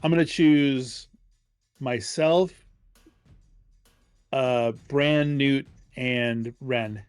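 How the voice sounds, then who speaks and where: A man's voice: mid-range voice, extremely slow, clear, resonant tone, no echo, soft background music. A man playing in a tabletop game, counting his moves and reading rule text aloud. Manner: counts aloud, reads out rules. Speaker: player.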